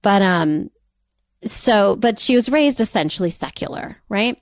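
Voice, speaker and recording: A woman co-hosting a podcast, telling a story in a chatty, animated way with jokey asides and frequent laughs. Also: mid-range voice, measured pace, dry recording, studio quality. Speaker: podcast co-host. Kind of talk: casual storytelling chat.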